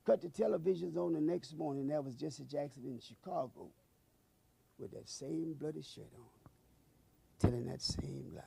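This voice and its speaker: A man's voice: on the high side, normal speed, vocal fry, dark tone, slightly rough. A man recounting an eyewitness memory in an emotional, dramatic storytelling manner. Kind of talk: eyewitness recollection.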